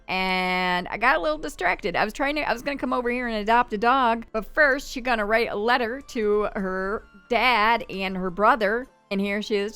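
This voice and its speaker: A woman hosting a let's play, chatty and excitable, with gasping reactions. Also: mid-range voice, smooth. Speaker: gaming channel host.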